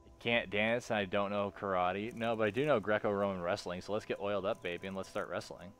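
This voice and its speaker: A man's voice: lowish voice, steady tone, fast talker, a bit bright. A man streaming a game, joking crudely and talking back at the game as he plays. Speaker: gaming streamer. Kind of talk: casual let's play commentary. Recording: game music behind voice. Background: game music.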